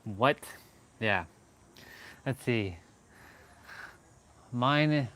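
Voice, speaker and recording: A man's voice: mid-range voice, animated, very slow, sharp tone, a little hiss or hum. A man hosting a casual live stream, rambling and correcting himself as he goes. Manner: rambling, self-correcting, laughs a lot.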